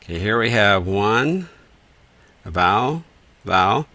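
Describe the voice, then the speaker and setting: A man teaching reading rules in a patient, methodical lesson, slowly sounding out words as he writes. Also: on the low side, animated, bright, forceful tone, no room sound. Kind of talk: explanatory lesson with whiteboard.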